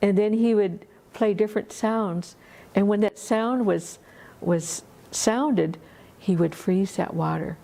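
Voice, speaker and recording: A woman telling a story at a festival in an unhurried, conversational way, full of asides. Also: medium pitch, vocal fry, mellow. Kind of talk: oral storytelling.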